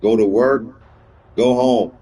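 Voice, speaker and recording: A man's voice: takes it slowly, soft background music. Rambling slangy middle-aged man streaming. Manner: rambling and opinionated, slips into animated high-pitched quoting of others; slangy street vernacular, repeats himself for emphasis. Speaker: gaming livestream host. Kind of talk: casual livestream commentary.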